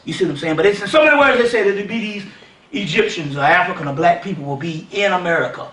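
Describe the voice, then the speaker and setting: A man delivers a seminar lecture in a lively, conversational way, often asking the audience if they follow. His voice sits high and sounds bright and sharp. The recording is roomy, and the mic is set back from him. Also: fast, far from the mic. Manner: animated, keeps asking "you see what I'm saying".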